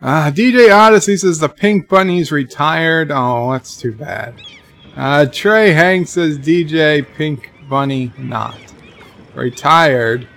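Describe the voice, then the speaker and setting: A man's voice: a little high, slow, creaky, fairly bright tone. A man streaming a city-building game, reading chat messages aloud and joking along with the viewers. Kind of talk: casual live-stream chat.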